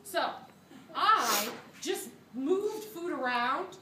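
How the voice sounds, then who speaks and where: High-voiced lady teacher telling a story to her class, lots of laughing, echoey room, filmed from the back. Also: extremely slow, far from the mic, slight background noise. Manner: animated, laughing, acts out quotes. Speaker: microbiology teacher. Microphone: phone camera from a student's seat.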